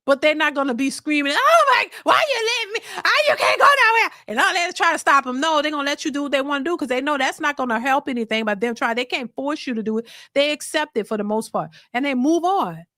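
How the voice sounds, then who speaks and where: A woman hosting a livestream, thanking viewers for super chats and giving blunt, animated opinions. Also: high-pitched, quick pace, hardly any pauses, no room sound, clean studio sound. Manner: blunt and animated, slipping into mocking voices. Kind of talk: casual opinion commentary.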